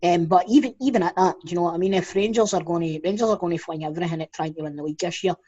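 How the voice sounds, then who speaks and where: A man's voice: sits high, very fast, warm tone. A Scottish man co-hosting a football podcast, giving his views in casual, earnest chat. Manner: earnest, laughs at own jokes. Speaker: podcast co-host. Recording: dull lo-fi sound.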